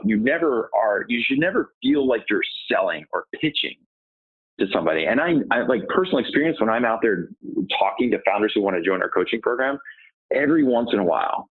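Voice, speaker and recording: A man talking sales on a tinny, phone-like line. He has a low, husky voice and keeps firing off rhetorical questions, then answering them himself in a coaching tone. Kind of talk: podcast interview answers.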